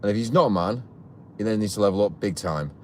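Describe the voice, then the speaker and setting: A man's voice: fairly low pitch, fast, slight background noise. A man hosting a live stream from a vehicle, ranting heatedly and repeating himself. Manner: heated, indignant, repetitive ranting.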